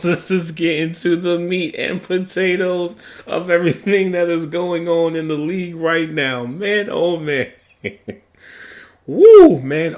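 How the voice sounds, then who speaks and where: High-energy male sports podcast host. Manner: energetic, hype-man delivery with big shouted outbursts; repeats "okay?" and "guess what?" as catchphrases. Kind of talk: hyped solo sports podcast talk.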